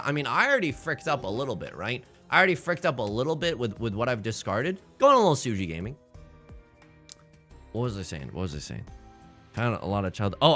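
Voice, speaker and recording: A young man chatting casually on a live stream while gaming, animated and rambling, swinging between mumbles and loud squeals. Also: lowish voice.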